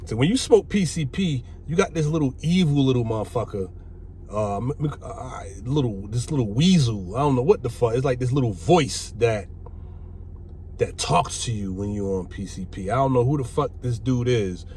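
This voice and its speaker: A man's voice: mid-range voice, moderate pace. Middle-aged guy telling a wild story, cussing a lot, voice swinging up and down, bit of hiss in the back. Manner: animated, profane, acts out quoted voices. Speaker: vlogger telling his life story. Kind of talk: casual storytelling monologue. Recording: faint background noise.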